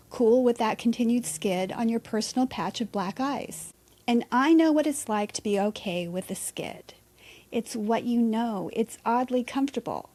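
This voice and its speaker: A woman's voice: fairly high pitch, mellow. A woman hosting a reflective solo podcast, talking candidly and conversationally with a bit of mild swearing. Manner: candid, conversational, mildly profane. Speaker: podcast host.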